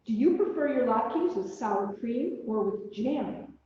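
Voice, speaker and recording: A woman's voice: on the high side, expressive, slow, dark tone, a little hiss or hum. A woman voicing a kindly, fussing old grandmother in a storybook reading, chatty and doting. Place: large echoey church hall. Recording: distant, dull, echoey hall recording.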